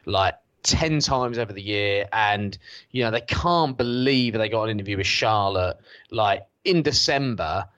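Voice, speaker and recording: A man's voice: on the low side, unhurried, dry recording. A man, ranting sarcastically and swearing on a casual podcast from his sofa at home. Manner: sarcastic, swearing, animated mocking rants. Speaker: podcast co-host.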